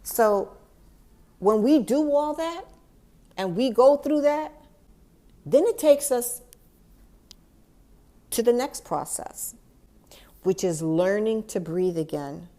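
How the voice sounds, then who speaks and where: A woman hosting a podcast, speaking gently and from the heart to the listener as a grieving mother reflecting on loss. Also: fairly high pitch, expressive, takes it slowly, pauses often. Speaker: podcast host. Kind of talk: personal reflective monologue.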